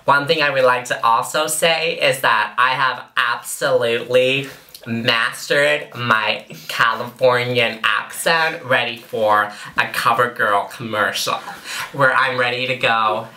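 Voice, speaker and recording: A swaggering, drawling tough guy, played by a man in a comedy sketch, full of repetitive bluster. His voice sounds very bright and sharp. It is recorded in an echoey room. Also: medium pitch, fairly even intonation, slow pace. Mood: boastful. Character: swaggering threatening man with fake Southern drawl. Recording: roomy echo.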